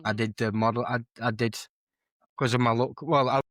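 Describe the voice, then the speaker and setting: A man's voice: mid-range voice, steady tone, moderate pace, fairly bright tone, dry recording. A young man, chatting casually as a podcast guest and telling rambling, self-correcting stories. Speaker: guest streamer and musician.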